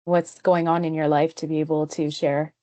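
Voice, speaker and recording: A woman's voice: low-pitched, level tone, moderate pace, dark tone, no room sound. A woman moderating a virtual panel, appreciative as she thanks speakers, over a video call.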